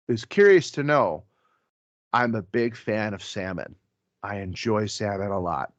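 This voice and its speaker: A man's voice: mid-range voice, fairly bright tone, dry recording. A man, a priest, chatting casually on a podcast and telling stories with asides and self-corrections. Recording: dry, slightly dull podcast audio.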